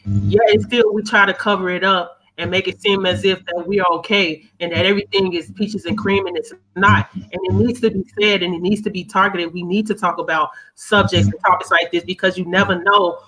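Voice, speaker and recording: A woman's voice: lowish voice, steady tone, a little fast, fairly bright tone, slightly rough, low-quality recording. A woman hosting a talk podcast, speaking in a heartfelt, emphatic way about the show's purpose and thanking her guest. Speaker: podcast host. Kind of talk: casual talk show chat.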